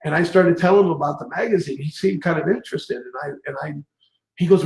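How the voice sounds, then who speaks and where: A man hosting an interview, chatty and animated, telling stories and laughing often. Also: on the high side, fast. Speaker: interview host. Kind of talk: casual interview chat. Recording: echoey room.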